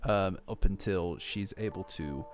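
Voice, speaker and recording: A man hosting a casual chapter reaction, breaking into heated, cursing outbursts between calmer reflective stretches. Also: low voice, measured pace. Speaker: manga reaction host. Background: faint lofi background music.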